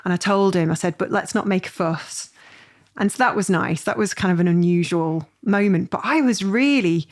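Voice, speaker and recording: A woman hosts a podcast interview, her voice sitting slightly low. She tells stories in a chatty, animated way, full of "you know" and "um". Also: moderate pace. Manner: chatty, animated storytelling with fillers. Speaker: podcast host.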